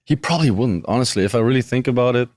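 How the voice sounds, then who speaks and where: A man's voice: medium pitch, racing, no echo, studio quality. A young man from Germany with a light German accent, chatting casually and easily as an interview guest. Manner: relaxed, chatty, frequent restarts. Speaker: guest, professional wrestler.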